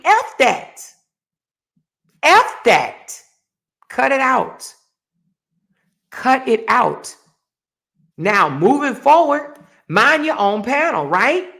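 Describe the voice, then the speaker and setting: A woman with a fairly high, creaky, fairly bright voice hosts her own livestream and rants. Her casual rant is heated, blunt and profane, and she keeps repeating her points.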